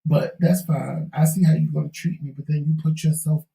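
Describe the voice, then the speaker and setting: A man's voice: fairly high pitch, fairly even intonation, normal speed, gravelly, mellow, roomy sound, far from the mic, poor audio. A man co-hosting a talk show, telling a candid life story in an emphatic, preachy way. He is losing his voice. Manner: preachy, emphatic, folksy Southern-tinged slang.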